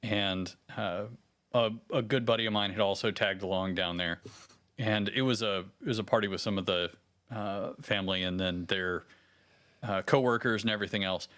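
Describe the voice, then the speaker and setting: A man with a fairly low voice, a podcast guest chatting casually. He tells his stories in halting bursts full of restarts, with a dry, deadpan humor. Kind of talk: casual chat.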